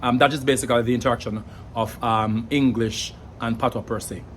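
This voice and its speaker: A Jamaican man giving an earnest spoken explanation, pausing often to search for words and sounding out examples. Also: medium pitch, fairly even intonation, slight background noise. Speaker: language educator. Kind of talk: explanatory monologue.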